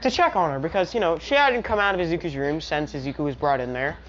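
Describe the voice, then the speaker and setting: A woman's voice: sits low, fast talker, a little hiss or hum. A woman casually telling a fan-made story, rambling along with lots of "you know". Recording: dull lo-fi recording.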